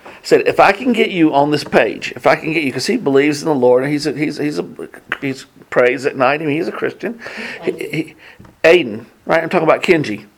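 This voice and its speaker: A man teaching a Bible class in a casual way, telling personal stories earnestly and excitedly, often restarting his sentences. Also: fairly high pitch, a little fast, creaky, slight background noise.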